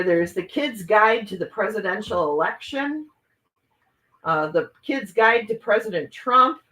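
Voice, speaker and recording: A woman hosts a casual morning livestream, chatting with viewers, reading their comments aloud, and showing off oracle card decks. Her mid-range voice is bright and forceful, and the recording is rough.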